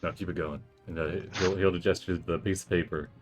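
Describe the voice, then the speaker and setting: A man with a very deep voice playing a tabletop game, relaxed and quick to laugh. Faint music runs behind him. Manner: laid-back, laughs often. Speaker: player.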